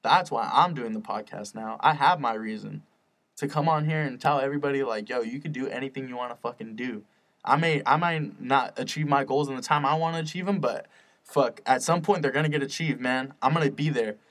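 A man's voice: mid-range voice, fairly quick, a bit bright. A young man hosting his own podcast, rambling and swearing often, earnest and fired up about spreading positivity. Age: young adult. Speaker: podcast host. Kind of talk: casual solo podcast rant.

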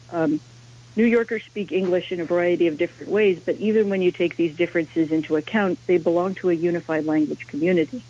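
A woman's voice: lowish voice, a little mellow. A woman academic, a language historian, explaining her subject as a radio interview guest. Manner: explanatory, lecturing. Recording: dull lo-fi radio sound.

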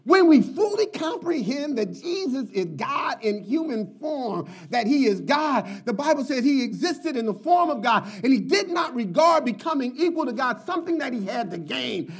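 Male preacher, high voice, husky tone, emphatic repetition, storytelling sermon. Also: big pitch swings, moderate pace, hardly any pauses. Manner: emphatic, repeats words for stress; chuckles while telling stories.

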